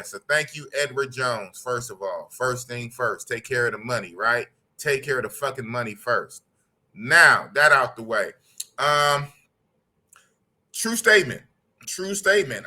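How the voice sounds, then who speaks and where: A man's voice: medium pitch, unhurried, sharp tone. A middle-aged man from the United States, hosting a casual podcast and reading out viewer comments in a blunt, slangy way that repeats its points. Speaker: podcast host. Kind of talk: casual podcast talk reading live chat.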